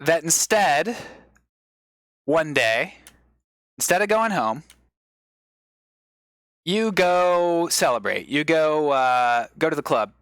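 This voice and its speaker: A male comedian on a live stream, giving an improvised mock lecture as a rambling explainer with sudden excited bursts. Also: fairly high pitch, slow pace, long pauses, no room sound.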